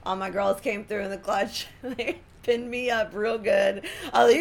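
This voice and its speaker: In a casual storytelling chat about wellness products, a woman in her thirties co-hosts and tells stories animatedly, gasping, laughing and acting out quotes. Her voice sits on the high side, gravelly, at a moderate pace.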